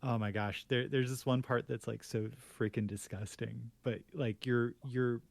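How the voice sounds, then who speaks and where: A man's voice: medium pitch, steady tone, moderate pace, vocal fry, no echo. A man co-hosting a podcast in casual chat, rambling with many fillers and restarts. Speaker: podcast co-host.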